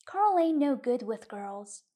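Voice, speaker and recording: A woman's voice: fairly high pitch, sing-song, slow pace, mellow, full character voice. A woman reading a tattling little brother. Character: tattling younger farm boy Frank. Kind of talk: audiobook reading of a short story.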